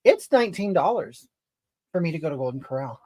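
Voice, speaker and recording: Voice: mid-range voice, sing-song, brisk, a little mellow. A performer voicing a crude, entitled, brash woman, scolding and indignant, rambling at chat in an improvised comedy stream. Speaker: comedy livestreamer reading comments in character.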